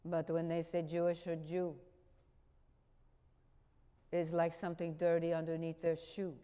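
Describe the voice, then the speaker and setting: A woman playing a grave, gentle older man who speaks slowly and patiently to a friend, with the long reverb of a church hall. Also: lowish voice, monotone, clean tone, voice pushed down, close to an everyday voice. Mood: gentle, earnest. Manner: slow, patient, quietly insistent.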